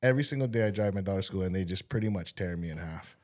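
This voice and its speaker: A man's voice: sits low, very fast. A middle-aged man from Hawaii with a Pidgin-tinged accent, telling stories in casual chat and acting out the people in them. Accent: Hawaiian Pidgin-tinged English. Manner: animated, acts out voices in his stories. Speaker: podcast guest, entrepreneur.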